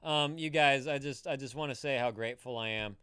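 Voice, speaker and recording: A man co-hosting a casual live stream, animated and swearing freely, breaking into loud shouted bits. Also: medium pitch, a little fast, clear, resonant tone, no room sound, studio quality. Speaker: streamer co-host.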